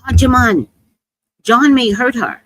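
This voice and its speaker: A woman's voice: fairly high pitch, animated, unhurried, fairly bright tone, a little hiss or hum, low-quality recording. A woman telling a comedic story in a monologue, acting out the people she quotes and swearing freely.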